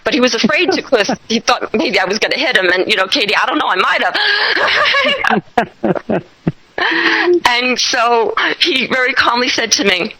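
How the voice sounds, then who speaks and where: A woman hosting an interview, telling a story in an animated way and laughing often. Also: fairly high pitch, moderate pace, rough recording. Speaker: host.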